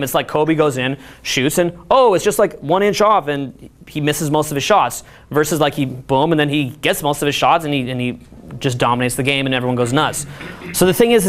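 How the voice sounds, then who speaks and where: A man giving an energetic, rambling seminar talk full of filler words. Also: fairly high pitch. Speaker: seminar coach. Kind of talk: casual live seminar talk.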